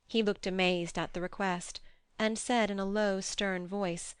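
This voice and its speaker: A woman narrating an audiobook in a measured, even reading. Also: medium pitch, clean tone, no room sound, studio quality. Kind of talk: scripted narration.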